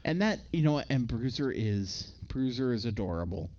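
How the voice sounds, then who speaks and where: A man's voice: medium pitch, lively intonation, moderate pace, darkish tone, lo-fi sound. A man co-hosting a podcast, recapping a movie in a rambling casual chat with frequent laughs. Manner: rambling, laughs often, slips into impressions.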